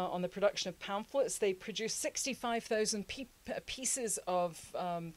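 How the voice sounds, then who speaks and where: Chatty woman hosting a history lesson. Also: mid-range voice. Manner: lively, laughs often, acts out quotes in funny voices. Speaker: history show host.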